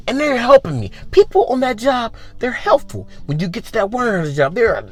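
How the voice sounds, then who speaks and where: A man's voice: high voice, fast talker, hardly any pauses, soft background music. A man hosting a podcast, telling a comic story as an exaggerated rant full of repeated asides. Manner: animated, exaggerated, repetitive asides. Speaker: podcast host.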